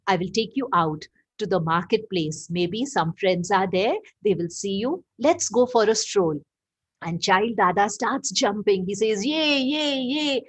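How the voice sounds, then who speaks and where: Slow, expressive woman storyteller. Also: medium pitch. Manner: expressive, asks the listeners questions. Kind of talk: storytelling for children.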